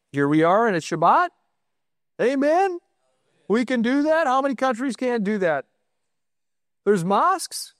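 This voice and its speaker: A man's voice: very high-pitched, no echo, clean studio sound. A middle-aged American man giving a sermon in a conversational, storytelling way, stressing his points with short affirmations. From United States. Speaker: congregation leader.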